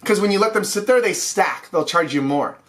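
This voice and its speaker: A young man with a high voice hosts a casual weekly news show. He talks in a heated, ranting manner straight to his viewers. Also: lively intonation, brisk, fairly bright tone. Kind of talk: casual news rant to camera.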